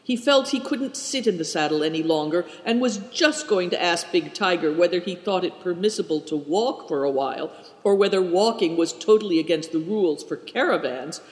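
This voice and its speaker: A man narrating a storybook in a steady storytelling manner, in a roomy recording. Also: high voice. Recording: roomy hall reverb.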